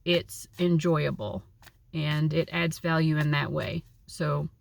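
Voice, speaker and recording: A woman's voice: deep voice, steady tone, slow pace, creaky, a little hiss or hum. A woman giving a casual, chatty tarot reading, with a lot of likes and you knows. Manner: chatty, uses many fillers. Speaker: tarot reader.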